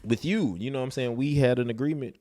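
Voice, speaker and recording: A man in his thirties co-hosting a podcast, chatting casually and telling stories with lively acted-out quotes. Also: mid-range voice, fast talker. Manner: animated storyteller, acts out voices. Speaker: podcast co-host. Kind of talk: casual chat.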